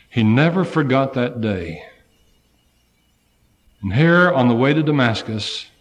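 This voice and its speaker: A man preaching a sermon to a congregation, swinging from loud fervent cries to low, hushed passages.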